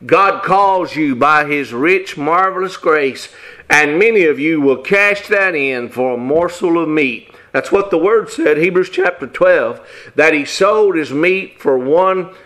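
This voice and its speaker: A man's voice: on the high side, animated, measured pace, a bit bright. A man preaching a sermon in an emphatic, folksy way with lots of repetition.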